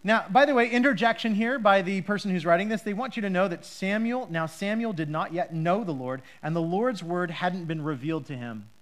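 A woman preacher teaching a Bible passage in a lively, chatty way, with frequent restarts and rhetorical questions. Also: fairly low pitch, brisk, few pauses.

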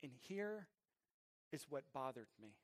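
A middle-aged man preaching a sermon, moving between a hushed storytelling voice and loud, drawn-out emphatic preaching. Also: medium pitch, sing-song. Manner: drawn-out emphatic phrasing at peaks. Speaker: pastor.

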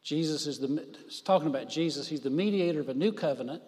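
A man's voice: on the high side, a little mellow, long reverb tail. A man preaching a sermon, stressing words by drawing out his phrases. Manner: emphatic, drawn-out phrases for stress.

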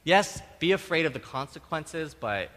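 A middle-aged man preaching a sermon, conversational and animated, tossing in tag questions and acting out quotes with sudden loud bursts. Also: fairly high pitch, moderate pace, in a large hall. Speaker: pastor.

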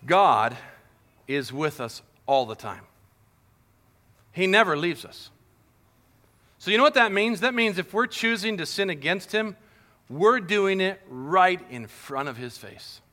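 A man preaching to children and families, animated and playful, acting out little scenes as he tells the story. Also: high voice, measured pace, long pauses. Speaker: pastor. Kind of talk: sermon to kids and families.

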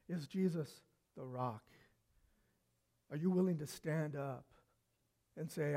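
A man preaching a sermon, telling stories with lively swings from loud to hushed. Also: fairly high pitch, normal speed, creaky, long pauses.

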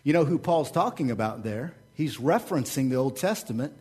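A man, the pastor, preaching a sermon with energetic, repetitive rhetoric and casual asides. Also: mid-range voice, brisk, slightly rough.

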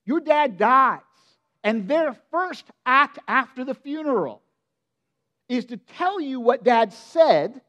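Pastor, male, high-pitched, delivering a conversational, expressive sermon. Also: slow pace, lo-fi sound. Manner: conversational, expressive preaching with direct questions to listeners.

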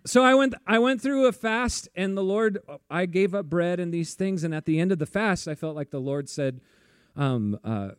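A man's voice: high voice, lively intonation, moderate pace, clean tone, no room sound, clean studio sound. A man preaching a sermon in a casual, chatty way, laughing often and saying "like" a lot. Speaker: pastor.

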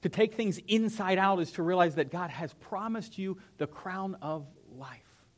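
A young man, a pastor, preaching a sermon in a church in an animated, conversational way. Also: sits high, measured pace. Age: young adult. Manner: animated, conversational, acts out whiny voices. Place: church sanctuary.

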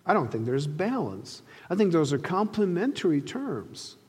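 A man preaching a sermon, telling a story earnestly and slowing down to stress key phrases. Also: a little high, big pitch swings, husky, long reverb tail. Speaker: pastor.

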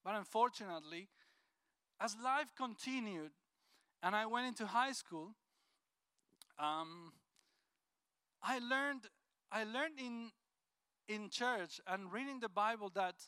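A man shares an earnest, heartfelt personal testimony. His voice sits high and bright, smooth and clear, recorded with a dry, close sound. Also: animated, a little slow, pauses often, no room sound. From Colombia. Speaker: speaker sharing a personal testimony. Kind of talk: emotional personal testimony talk.

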